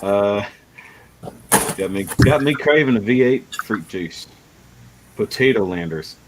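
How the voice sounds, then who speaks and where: A man's voice: fairly low pitch, lively intonation, takes it slowly, noisy background. A man hosting a casual livestream chat, rambling and laughing often. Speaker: livestream host.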